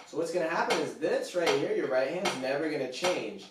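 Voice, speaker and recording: A man's voice: medium pitch, fairly quick, hardly any pauses, recorded from a distance, very noisy. Man, drum teacher, casual explaining, counts beats aloud, very echoey room, set back from mic. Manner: relaxed, counting beats aloud, frequent fillers. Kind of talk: casual instructional talk.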